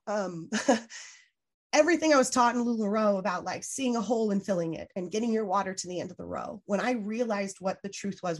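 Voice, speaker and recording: Earnest woman guest on a podcast, mid-pitch voice, lots of likes and restarts, gets heated and swears. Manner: frequent "like" fillers, self-restarts. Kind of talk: candid podcast interview.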